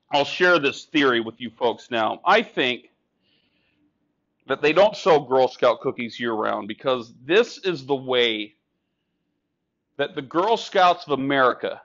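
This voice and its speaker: A man's voice: mid-range voice, fairly bright tone, dull audio. A man doing a stand-up comedy set on a club stage, sarcastic and ranting at the crowd. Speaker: stand-up comic.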